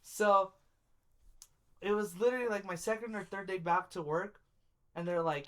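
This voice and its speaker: A man's voice: fairly high pitch, fairly even intonation, normal speed, fairly bright tone. A young man co-hosting a casual podcast, telling a story with lots of laughter and quoting his friends in their voices. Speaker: podcast co-host. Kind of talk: casual chat.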